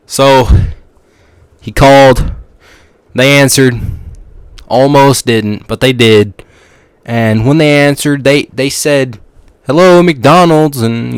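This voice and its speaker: A man's voice: medium pitch, no echo. Goofy, rambling male podcaster. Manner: goofy, rambling, restarts sentences. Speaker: podcast host. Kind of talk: casual storytelling monologue.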